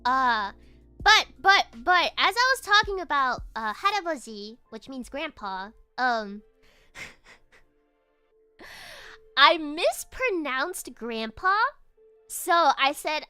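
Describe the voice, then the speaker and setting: A woman's voice: sits high, very animated, slow, long pauses, sharp tone, soft background music. A young woman streamer telling a casual story while drawing, giggling often and restarting her phrases. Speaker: virtual streamer.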